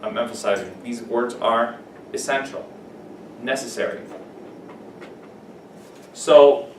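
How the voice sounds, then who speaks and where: A man's voice: medium pitch, takes it slowly. Teacher man in an echoey classroom. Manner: explains words, then repeats and checks them with the class. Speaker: English teacher. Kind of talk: classroom vocabulary lesson. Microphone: camera at a distance. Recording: echoey classroom from far off with faint hiss.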